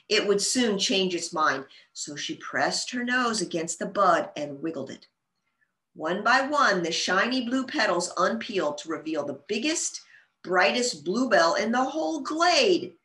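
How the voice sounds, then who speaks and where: Lively woman reading a children's story. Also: mid-range voice, a little slow. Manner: gentle, expressive storytelling. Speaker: children's librarian. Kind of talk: storytime read-aloud. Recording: roomy echo.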